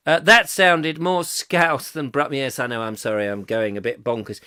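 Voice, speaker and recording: A man's voice: medium pitch, steady tone, normal speed, few pauses, pushed and bright, clear, resonant tone. A man hosting a comic live chat show, reading out viewer comments in a rambling, playful and self-mocking way.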